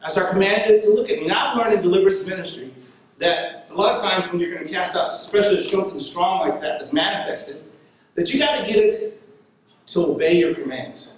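A man preaching a sermon and telling a story in an animated way, laughing now and then. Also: high voice, fairly quick, very echoey, recorded from a distance, poor audio.

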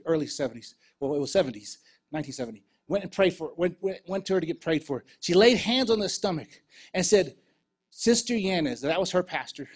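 A man preaching, telling a lively travel testimony with laughter, then leading a prayer. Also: a little high, breathy edge. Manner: storytelling, animated, laughs between lines.

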